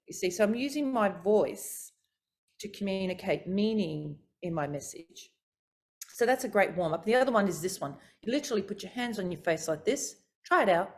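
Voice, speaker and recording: A middle-aged woman vocal coach talks a group through voice warm-ups. Her delivery is expressive and demonstrative, moving between low and high to model technique. Her pitch sits in an ordinary middle range for a woman. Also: moderate pace. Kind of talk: coaching workshop talk.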